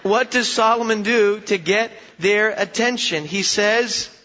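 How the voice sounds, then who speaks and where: A man's voice: sits high, unhurried, bright, forceful tone, in a large hall, highs cut off. A male pastor preaching a conversational, humorous sermon in a church, asking his listeners questions and often repeating words as he restarts.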